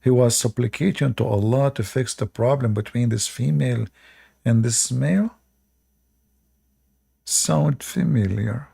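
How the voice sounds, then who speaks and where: A man's voice: mid-range voice, measured pace, gravelly, pauses often, dark tone, slightly rough. A man giving sarcastic commentary while reading religious stories aloud, often laughing at them. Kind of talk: mocking commentary on religious texts.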